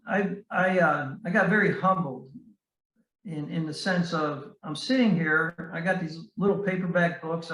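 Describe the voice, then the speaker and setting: Earnest veteran man, high voice, roomy. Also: a bit bright, recorded from a distance. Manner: halting, with frequent restarts and fillers; earnest and heartfelt. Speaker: guest, Navy veteran and author. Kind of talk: casual storytelling in a podcast interview. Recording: roomy sound, voice set back from the mic.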